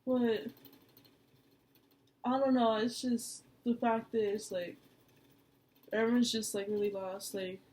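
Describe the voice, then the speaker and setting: A young woman in casual chat, soft-spoken and supportive. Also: on the high side, little pitch movement, takes it slowly, long pauses. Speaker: co-host.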